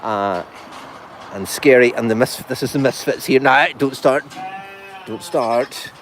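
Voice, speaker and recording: A man's voice: medium pitch, a little slow, fairly bright tone, a little hiss or hum. A man hosting a casual farm video, chatting and cooing affectionately at his goats in an animal pen, filmed on a phone. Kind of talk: casual talk to animals and viewers.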